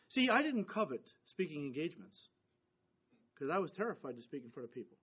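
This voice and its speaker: A man's voice: on the high side, big pitch swings, fast, husky. A middle-aged American man preaching a sermon to his church in an earnest, conversational way. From United States. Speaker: pastor. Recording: dull lo-fi sound.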